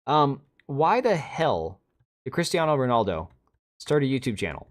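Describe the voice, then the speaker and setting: A man's voice: medium pitch, sing-song, brisk. Blunt, rambling man chatting on a livestream. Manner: rambling, blunt and opinionated, with frequent restarts and asides to chat. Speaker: livestream host. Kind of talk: casual livestream chat.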